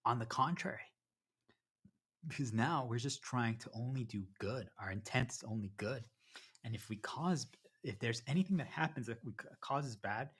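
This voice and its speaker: A man talks to his stream viewers in a loose, meandering monologue, often restarting his sentences and repeating himself. His voice is husky, with an ordinary middle pitch for a man. He sometimes talks while eating. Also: a bit bright. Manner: repetitive, self-interrupting, addresses viewers as "you guys"; eating while talking at times. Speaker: live streamer. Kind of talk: rambling livestream monologue to chat.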